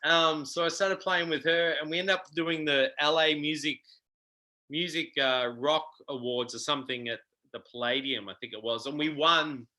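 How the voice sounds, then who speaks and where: A middle-aged Australian man telling stories as a guest in a casual interview, animated and full of ums. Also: fairly high pitch, normal speed, low-quality recording. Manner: animated, acts out quoted voices, frequent ums. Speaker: guest guitarist.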